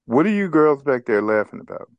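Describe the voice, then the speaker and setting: A man's voice: medium pitch, very animated, brisk, dry recording, lo-fi sound, pitched above the performer's own voice. A man quoting a stern, disappointed female schoolteacher in her scolding questions.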